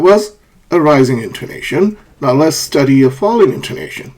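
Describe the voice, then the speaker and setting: A man teaching English pronunciation, who says example sentences aloud and repeats them to show rising and falling pitch. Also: expressive, a little fast, a little mellow. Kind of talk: pronunciation lesson.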